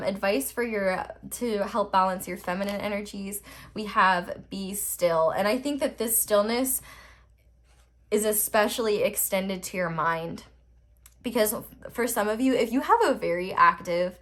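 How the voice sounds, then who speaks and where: Young adult female tarot reader, mid-pitched, candid and meandering, swears offhandedly. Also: fairly bright tone. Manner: earnest, rambling, full of "like" and restarts; blunt, swears casually. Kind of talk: casual spoken tarot reading.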